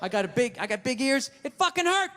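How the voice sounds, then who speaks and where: A man's voice: very high-pitched, very animated, quick pace, pushed and bright. A man performing a stand-up comedy routine, telling a story with exasperated, mock-quoted rants.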